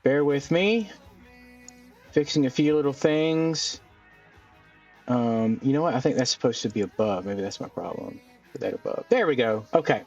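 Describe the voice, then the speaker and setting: A man's voice: medium pitch, animated, moderate pace, long pauses, a little mellow. Rambling man narrating gameplay, slightly distant. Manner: rambling, thinks aloud with many ums. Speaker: gaming channel host. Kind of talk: casual let's-play commentary. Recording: dull lo-fi mic a bit off, faint music. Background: faint background music.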